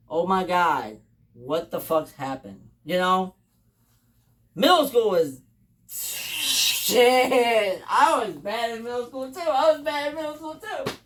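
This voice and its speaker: A speaker telling rambling stories in a casual, profane way, repeating phrases and calling the listener "bro.". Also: mid-range voice. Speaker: storyteller. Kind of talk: casual storytelling. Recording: voice a bit distant from mic.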